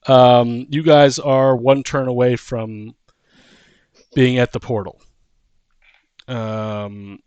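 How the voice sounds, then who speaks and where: Slow, smooth-voiced male game master. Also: on the low side, no echo. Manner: unhurried, with frequent ums and restarts. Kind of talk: narrating a tabletop game.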